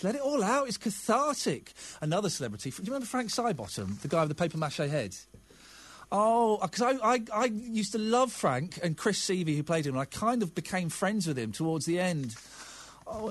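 A middle-aged English man with a voice that sits high hosts a casual radio phone-in. He chats and reads listeners' texts with open emotion.

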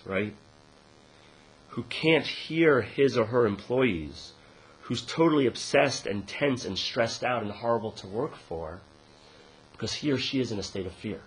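A man giving a conversational dharma talk as a meditation teacher. He keeps checking in with "right?" and gets animated and laughs while telling a joke. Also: a little hiss or hum, low-quality recording. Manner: conversational, frequent "right?" tag questions; laughs and rises in pitch when telling a joke.

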